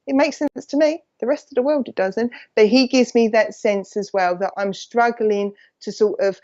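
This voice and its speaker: A woman's voice: a little high, moderate pace, a little mellow, highs cut off. Chatty Essex woman medium, rambling. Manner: rambling, jumps between thoughts; chatty and affectionate, calls people "my lovely". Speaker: psychic medium. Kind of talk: live-streamed mediumship reading.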